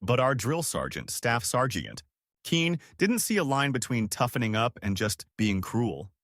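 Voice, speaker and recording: A man reading scripted stories aloud as a narrator, with a lively, dramatic storytelling delivery. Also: mid-range voice, measured pace, no room sound, studio quality.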